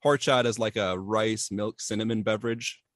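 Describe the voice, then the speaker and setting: A man's voice: fairly low pitch, fairly even intonation, normal speed, no room sound. A man from Wisconsin chatting as a podcast guest, rambling with many fillers. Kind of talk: casual chat.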